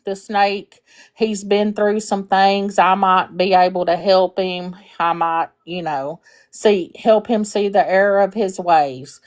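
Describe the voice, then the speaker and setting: A woman's voice: medium pitch, steady tone, slow pace, close to an everyday voice. A woman voicing a wary, kind-hearted male farmer in a spoken fable. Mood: hesitant. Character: wary kindly male farmer, later shocked.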